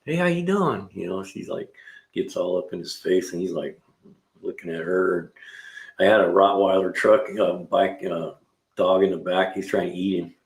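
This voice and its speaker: A talkative man with a low, gravelly voice rambles through stories for his live stream viewers. He uses plenty of slang and drifts from one story to the next. His voice bounces around a roomy garage. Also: flat delivery, moderate pace. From California. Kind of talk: casual chat, telling stories and answering chat. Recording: roomy echo.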